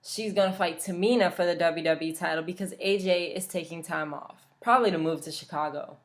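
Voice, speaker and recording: A woman's voice: fairly low pitch, brisk. A young woman from Louisiana, chatting casually and bluntly, swearing freely as a vlogger. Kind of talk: casual chat.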